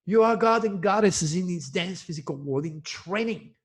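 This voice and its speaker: A man's voice: high voice, animated, moderate pace. A man delivering a solo commentary as an astrologer, reading news headlines and preaching with impassioned emphasis and repeated phrases. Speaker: astrologer giving predictions.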